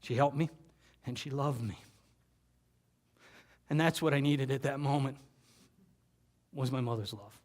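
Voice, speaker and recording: A man presenter telling a personal story to an audience, with dramatic pauses and repeated phrases that sink to a quiet voice. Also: mid-range voice. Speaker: keynote presenter.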